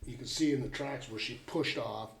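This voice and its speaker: A man's voice: medium pitch, a little fast, creaky, a little hiss or hum. Older plainspoken man in an echoey room. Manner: plainspoken, folksy storytelling. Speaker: guest. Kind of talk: casual storytelling. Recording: roomy echo.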